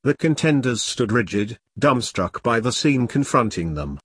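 A man narrating a story in a measured storytelling voice. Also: medium pitch, sing-song, breathy edge, no echo, studio quality. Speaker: audiobook narrator. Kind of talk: scripted narration.

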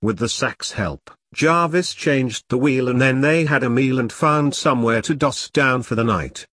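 A man giving steady, measured scripted narration of an audiobook. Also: medium pitch, dry recording, studio quality.

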